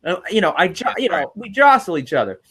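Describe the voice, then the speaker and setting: A man hosting a livestream, rambling through animated stories in casual chat. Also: high-pitched, fairly quick, breathy edge. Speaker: livestream host.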